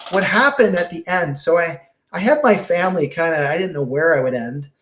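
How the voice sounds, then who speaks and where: A middle-aged man guesting on a podcast, telling a story in a very expressive, animated way. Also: on the high side, fairly quick. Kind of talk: casual storytelling interview.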